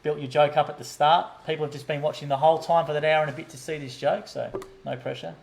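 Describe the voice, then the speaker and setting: A man co-hosting a casual chat, upbeat and quick in bursts. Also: fairly high pitch, flat delivery, creaky, a little hiss or hum, poor audio. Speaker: co-host.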